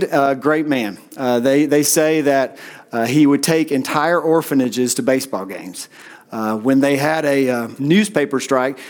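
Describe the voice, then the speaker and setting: A middle-aged man preaching a sermon in a relaxed, conversational storytelling way, with frequent "uh" fillers. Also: mid-range voice. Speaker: pastor.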